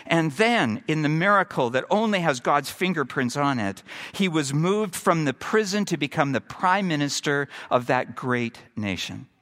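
A middle-aged man delivers a sermon from the pulpit. His slightly raised voice is bright and forceful. He builds to emphatic peaks, then drops to a hushed tone. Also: fairly high pitch, lively intonation, moderate pace. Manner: dynamic preaching, swinging from emphatic to hushed. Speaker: pastor.

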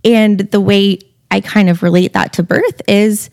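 Gravelly-voiced woman chatting animatedly. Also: mid-range voice, a little slow. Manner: animated storyteller, laughs often. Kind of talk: casual podcast chat.

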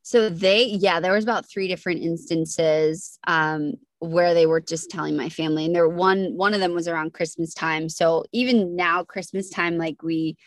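A woman's voice: fairly low pitch, steady tone, moderate pace, hardly any pauses, no room sound, studio quality. A young woman guest on a podcast, telling her story earnestly with many restarts and fillers. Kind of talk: emotional storytelling interview.

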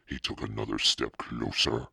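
A man giving a measured, dramatic audiobook narration. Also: extremely low pitch, level tone, vocal fry, sharp tone, breathy edge, no room sound, clean studio sound.

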